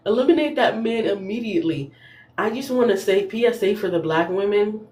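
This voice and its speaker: A young woman hosting a casual recap podcast, sassy and animated, laughing often as she talks. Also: mid-range voice, fairly quick, reverberant. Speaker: podcast host.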